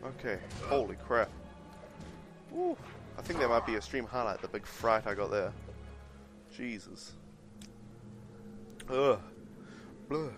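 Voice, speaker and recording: A man from New Zealand with a New Zealand accent, chatting excitably and jokingly as he livestreams a game. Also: mid-range voice, takes it slowly, long pauses, music in the background. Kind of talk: live gameplay commentary.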